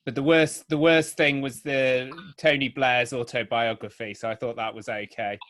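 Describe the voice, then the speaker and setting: A man's voice: mid-range voice, normal speed. A man chatting casually and joking on a video call before a jiu-jitsu class. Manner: relaxed, joking. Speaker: student. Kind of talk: casual chat.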